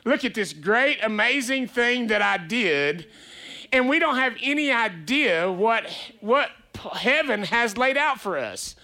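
A man's voice: very high-pitched, sing-song, measured pace, bright, forceful tone. A male pastor preaching a conversational sermon, chatty and playful, asking rhetorical questions.

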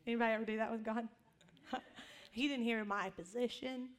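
A woman's voice: a little high, fairly even intonation, fairly quick. A middle-aged woman pastor giving a sermon, telling stories in a conversational, humorous way and acting out quotes.

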